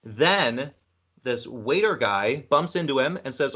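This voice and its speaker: A man's voice: mid-range voice, animated, slow pace, fairly bright tone, breathy edge. A man from Canada hosting a podcast, rambling through a film retelling in casual chat. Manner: rambling, retells film scenes with acted quotes. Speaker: podcast host.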